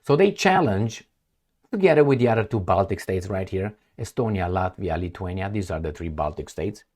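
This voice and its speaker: A man's voice: deep voice, lively intonation, normal speed, darkish tone. A man from Eastern Europe, a non-native English speaker, giving a heated, sarcastic political monologue while pointing at a map. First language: Romanian. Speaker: political commentator. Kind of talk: opinionated monologue.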